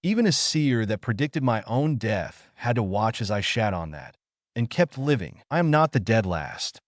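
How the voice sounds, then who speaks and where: A man's voice: on the low side, sing-song, normal speed, no room sound, clean studio sound. A man voicing a brash, crude young man who taunts and curses. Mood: defiant.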